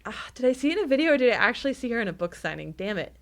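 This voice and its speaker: A woman's voice: fairly high pitch, rapid-fire. A woman co-hosting a book club podcast, talking casually and laughing often. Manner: chatty, animated, laughs often. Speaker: podcast co-host.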